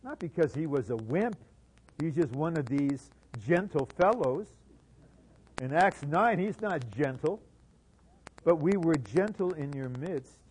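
Slow, emphatic male preacher. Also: fairly high pitch, slight background noise, poor audio. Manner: dramatic swings between soft asides and loud emphatic bursts. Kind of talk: sermon.

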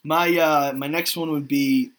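A man's voice: fairly high pitch, fairly even intonation, measured pace, a bit bright. A man co-hosting a podcast in casual chat, giving blunt, opinionated takes. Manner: blunt, opinionated, frequent filler restarts. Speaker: podcast co-host.

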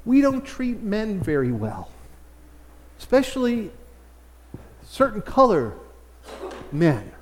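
A man's voice: high-pitched, wildly swooping pitch, slow pace, pauses often, in a large hall, a little hiss or hum. A middle-aged man from the United States preaching a conversational sermon in a folksy, storytelling way, often repeating words as he builds a point. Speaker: pastor.

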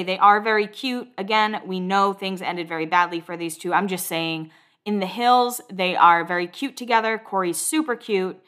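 A young woman at an ordinary middle pitch talks through a reality show recap in relaxed podcast chat. She swears casually and slips into quick voices for the people she quotes.

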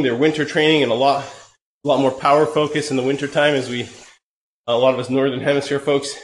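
Guy with a cold doing a live q&a, mid pitch, rambly with lots of ums, roomy echo. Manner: relaxed, rambling, many fillers. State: hoarse from a cold. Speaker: podcast host. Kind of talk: live Q&A on cycling training. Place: home room, riding an indoor trainer. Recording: echoey room with faint ambient noise.

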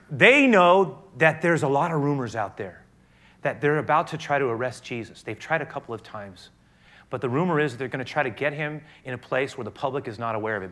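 A man preaching a sermon, who swings from hushed to loud and often restarts and repeats himself as he builds. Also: medium pitch. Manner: frequent restarts and repetitions. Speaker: pastor.

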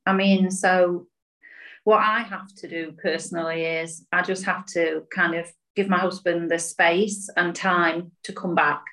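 A woman guest in a conversational interview, speaking gently and reflectively and often ending with tag questions. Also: on the low side, steady tone, unhurried, rough recording.

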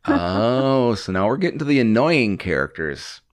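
A man's voice: medium pitch, very animated, unhurried. A man in casual fan chat as a podcast co-host, asking questions and cracking dry jokes. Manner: dry joking interviewer, asks questions.

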